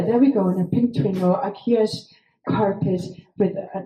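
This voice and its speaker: A woman's voice: medium pitch, muffled recording. A woman telling a wild personal story in a casual, rambling way, swearing freely and dropping fillers; English is not her first language. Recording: echoey room, faint noise.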